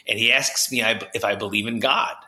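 Energetic podcast guest from New Jersey, bright voice, acts out the people he quotes, slightly echoey room. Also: lowish voice, a little fast. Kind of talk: personal storytelling in a podcast interview.

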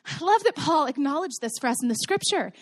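High-voiced woman preaching a sermon. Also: expressive, brisk. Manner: conversational preaching with storytelling and rhetorical questions. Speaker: pastor. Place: church sanctuary with congregation.

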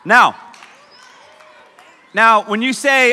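A young man delivers a jokey youth sermon, his high, bright voice leaping all over the place as he teases the crowd. The sound rings with the long reverb of a large church hall. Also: moderate pace, pauses often. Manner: joking, animated, teasing the crowd. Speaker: youth pastor. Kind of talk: comedic sermon.

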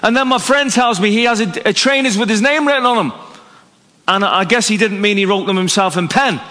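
A man from Northern Ireland preaching a sermon, swinging between bold, raised lines and low, quiet emphasis. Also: fairly quick, slight background noise. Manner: dynamic preaching, drops low and soft for emphasis, rises for acted quotes. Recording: echoey hall recording.

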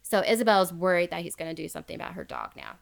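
A woman's voice: fairly low pitch, huge pitch swings, very fast, gravelly. A woman hosting a casual podcast, retelling a true crime story in a chatty way and laughing often. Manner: chatty, laughs often, quotes people as she tells.

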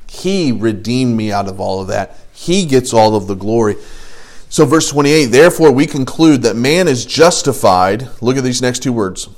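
A man teaching an adult Bible study, lively and animated, often acting out quoted voices. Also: moderate pace. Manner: animated, acts out quoted voices with rising pitch.

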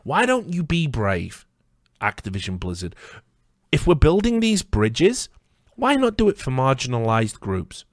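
A man's voice: mid-range voice, wildly swooping pitch, a little slow, no room sound, studio quality. A man hosting a commentary video, delivering an angry rant full of swearing and rhetorical questions.

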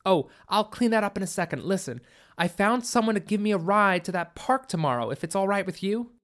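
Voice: medium pitch, animated, fairly quick, a bit bright, pitched above the performer's own voice, lightly acted. A narrator voicing an eager, determined teenage girl who explains things earnestly.

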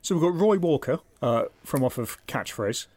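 A man's voice: medium pitch, lively intonation, normal speed, a little mellow, no room sound. A man co-hosting a casual comedy chat, making dry, sardonic and sweary remarks. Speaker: podcast co-host.

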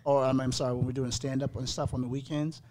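A middle-aged man co-hosting a comedy podcast. He has an ordinary mid-pitched voice and keeps the talk loose, laughing often and cursing freely as he tells stories. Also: level tone, fast, mellow. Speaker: podcast co-host. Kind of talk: casual comedic chat.

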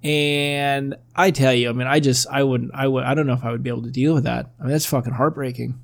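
A man's voice: mid-range voice, fairly even intonation, quick pace, gravelly. A man in casual chat as a podcast co-host, rambling with lots of fillers and the odd swear word.

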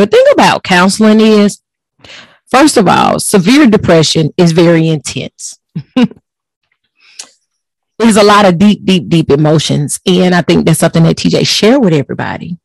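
A woman's voice: lowish voice, lively intonation, normal speed, gravelly, dry recording, low-quality recording. A woman talks in a casual podcast. She sounds earnest and emphatic and leans on repeated words to drive her points home. Her voice is recorded dry and close to the mic. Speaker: host.

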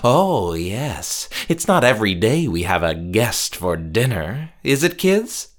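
A man's voice: fairly low pitch, sing-song, takes it slowly. A man doing a nasal, falsely kind captor. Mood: cheerful menace. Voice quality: slightly nasal. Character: soft-spoken nasal bearded man, creepily genial captor. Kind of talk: horror audiobook character voice.

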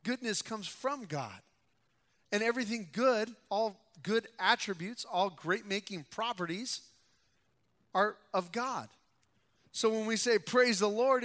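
A young adult male pastor giving a conversational sermon in a church sanctuary, who grows louder and more emphatic when he reads scripture aloud. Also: high voice. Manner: conversational preaching, rising loud for scripture reading. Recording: long hall reverb.

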